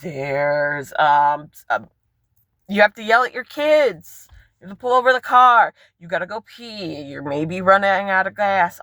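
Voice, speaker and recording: A woman's voice: mid-range voice, a bit bright, no room sound. A woman in her forties talking frankly in a rambling personal vlog from her car, swearing freely. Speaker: vlogger.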